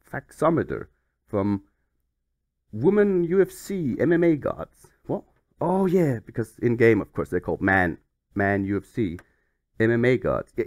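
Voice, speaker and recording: Guy doing a jokey game playthrough, pitch jumping all over, very dry mic. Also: no room sound. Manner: playful, mock-flustered rambling. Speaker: YouTube gaming host. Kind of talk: comedic game playthrough commentary.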